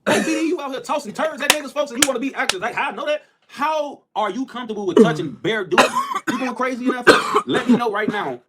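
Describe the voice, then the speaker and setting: A man telling stories in a loud, excitable rant, laughing through them. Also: very high voice, quick pace, heavy background noise. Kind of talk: animated storytelling rant.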